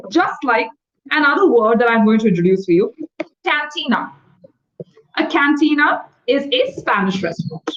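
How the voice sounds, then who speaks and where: A woman tutoring English over a video call, explaining words quickly and patiently. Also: on the high side, big pitch swings, fairly bright tone, muffled recording. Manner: fast-talking, explanatory, patient. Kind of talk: one-on-one online English lesson.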